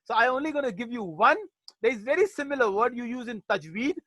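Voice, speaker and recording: A man's voice: very high voice, lively intonation, quick pace, fairly bright tone, no echo. A male teacher giving a chatty, jokey online class, sprinkling in Arabic religious phrases.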